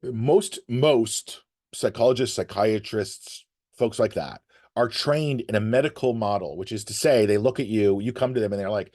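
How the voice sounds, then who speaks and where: A man with a mid-range voice and moderate pace gives an animated storytelling talk to emergency workers. As a guest speaker on resilience, he shares advice through stories and acts out the people and their quotes.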